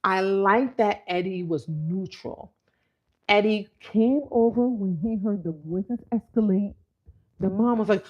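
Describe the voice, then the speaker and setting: A woman's voice: medium pitch, measured pace. A woman talking casually as host of a reality TV recap, telling the story with animation and acting out what people said. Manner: animated storytelling, mimicking quotes. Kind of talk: casual commentary.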